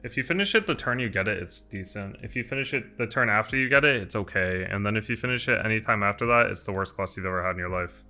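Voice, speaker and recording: Bright-voiced man explaining game strategy. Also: on the low side, quick pace, hardly any pauses. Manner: thinks aloud, answers chat questions in an explaining tone. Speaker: streamer. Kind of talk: live-stream gameplay commentary. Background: faint lo-fi music.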